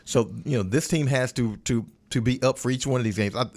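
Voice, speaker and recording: A man giving casual sports chat as a radio color analyst, folksy and animated with playful turns of phrase. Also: mid-range voice, fairly quick.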